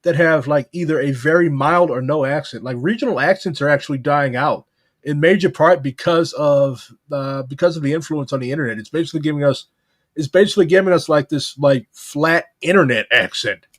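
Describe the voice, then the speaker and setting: A man's voice: on the high side, brisk, no room sound, clean studio sound. A young man from St. Louis hosting a casual podcast chat, loose and profane, with lots of "like.". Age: young adult. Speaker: podcast host.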